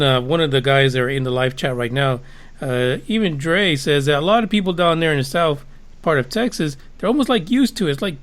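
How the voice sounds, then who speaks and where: A man hosting a casual interview podcast, asking rambling questions with many fillers and restarts. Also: on the high side. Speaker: podcast host.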